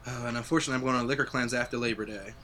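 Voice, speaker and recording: A man's voice: medium pitch, fairly even intonation, very fast, a bit bright, a little hiss or hum. A young adult man hosting a podcast, chatting casually and reflectively, swearing freely. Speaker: podcast host. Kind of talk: casual chat.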